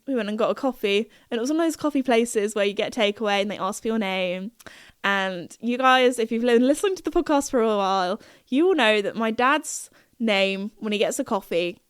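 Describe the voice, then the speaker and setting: A woman's voice: a little high, smooth, no echo, studio quality. Giggly young woman telling stories. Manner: chatty, giggly storytelling with lots of fillers. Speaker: podcast host. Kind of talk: casual chat.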